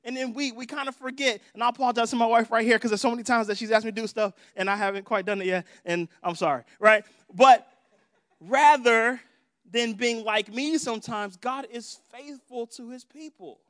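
A man's voice: extremely high pitch, fairly quick, a bit bright, no room sound, clean studio sound. A young adult man preaching a sermon in a conversational way, acting out prayers in different voices. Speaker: pastor.

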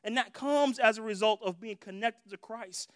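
High-voiced man preaching casually. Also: normal speed, no echo, clean studio sound. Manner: conversational, acts out prayers and voices. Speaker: pastor. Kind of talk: sermon.

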